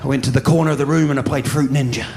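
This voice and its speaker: A male stand-up comedian telling a story on stage with an animated delivery and sudden loud shouts, recorded on a handheld mic. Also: mid-range voice, racing, vocal fry. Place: comedy stage before a live audience. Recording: live show with crowd laughter and hum.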